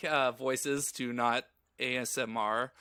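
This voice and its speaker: A male podcast co-host in casual chat, hesitant and quick to laugh. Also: mid-range voice, fairly even intonation, sharp tone, clean tone, no echo, studio quality.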